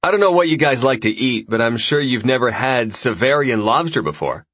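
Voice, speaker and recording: Brief: man voicing a cocky young lord, chatty and lively, husky edge, audiobook character. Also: medium pitch, brisk, dry recording, pitched above the performer's own voice. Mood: breezy. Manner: breezy, chatty, self-assured. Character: jovial young male ruler, boastful host.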